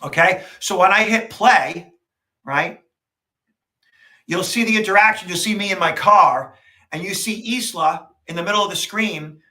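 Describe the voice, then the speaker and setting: A man with a high, very bright and forceful voice talks on a podcast. He tells his story quickly and with emphasis, pushing each point home. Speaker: podcast co-host, security expert. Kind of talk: casual podcast conversation.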